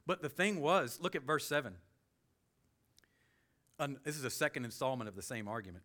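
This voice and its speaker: A man's voice: medium pitch, expressive, brisk, a bit bright. A man preaching a verse-by-verse sermon in a conversational, emphatic way, raising his voice when he quotes scripture. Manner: conversational, emphatic, quoting scripture with rising intensity. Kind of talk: expository sermon.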